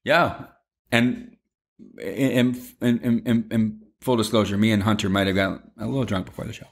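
A man telling a lively story to his mother over a video call, swearing freely and acting out quotes. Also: on the low side, moderate pace, creaky. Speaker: son, former Broadway performer.

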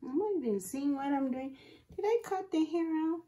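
A woman's voice: sits high, moderate pace. A young woman vlogging to viewers and talking herself through a wig install, exclaiming and narrating each step, recorded on a phone camera. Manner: excitable, exclaiming, narrating her own actions to viewers. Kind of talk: casual self-talk while doing a wig install.

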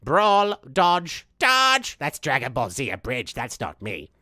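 A man's voice: mid-range voice, huge pitch swings, slow, bright, forceful tone, no echo, clean studio sound, full character voice. A man voicing a vain, unhinged young male villain, streaming a game in character with boastful, theatrical talk. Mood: cocky. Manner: boastful, theatrical, wildly swinging delivery, laughs at himself. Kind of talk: in-character gameplay commentary.

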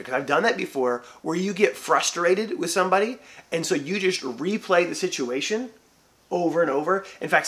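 Pastor guy doing a devotional chat, bright voice, kinda high, acts out little convos. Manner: animated, acts out imagined dialogue. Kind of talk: church devotional talk.

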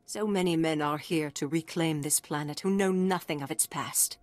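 A woman's voice: sits low, normal speed, no room sound, close to an everyday voice. An actress voicing a proud, solemn woman who leads war refugees in a video game. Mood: defiant.

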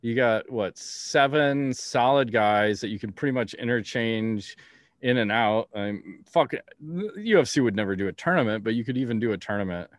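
A man's voice: medium pitch, animated, moderate pace, dry recording, clean studio sound. A man hosting a podcast in casual chat, blunt and rambling, swearing freely. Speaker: podcast host.

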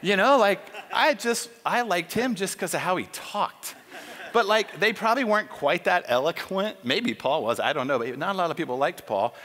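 High-voiced man preaching in a reverberant church. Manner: animated storytelling, acts out characters' voices. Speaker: conference speaker. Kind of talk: conversational sermon. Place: church auditorium. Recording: long church hall reverb.

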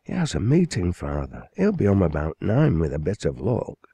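A man voicing a composed, concerned young woman in an audiobook, in a gentle, low, only lightly changed voice. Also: huge pitch swings, normal speed, breathy edge, no echo, full character voice. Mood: calm. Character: calm concerned young woman, his daughter.

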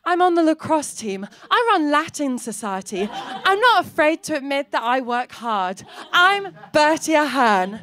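A woman voicing a chirpy, perfect, sporty schoolgirl who makes bright, earnest, slow self-introductions during a stand-up set. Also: high-pitched, very animated, slight background noise, heavily acted.

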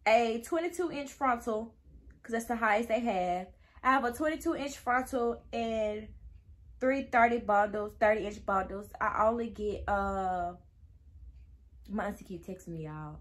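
A woman's voice: fairly high pitch, a bit bright. A young woman telling a casual storytime to her viewers, chatty and easily sidetracked, acting out quoted dialogue. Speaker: vlogger.

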